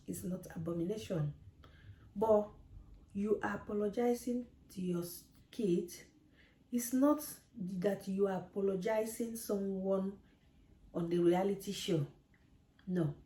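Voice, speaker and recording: A woman's voice: mid-range voice, dark tone. A woman, a mother, talking straight to camera with parenting advice, earnest and preachy and repeating her points. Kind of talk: direct-to-camera advice talk. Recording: echoey room.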